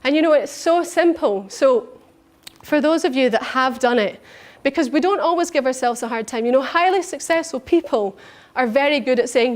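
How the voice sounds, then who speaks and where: Woman, high-pitched, animated storyteller coach. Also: moderate pace. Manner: animated, acts out her own thoughts in little voices. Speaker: personal development coach. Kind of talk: personal storytelling talk.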